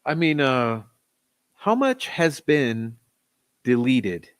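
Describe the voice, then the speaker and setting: A man's voice: medium pitch, sing-song, extremely slow, clean tone. A man hosting a true-crime commentary channel, talking in a skeptical, exasperated way. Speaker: channel host.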